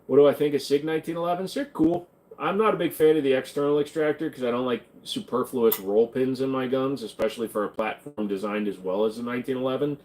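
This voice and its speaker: A man's voice: mid-range voice, fast, a little mellow. A man hosting a livestream, answering viewer questions in casual chat with a crude, joking, offhand manner.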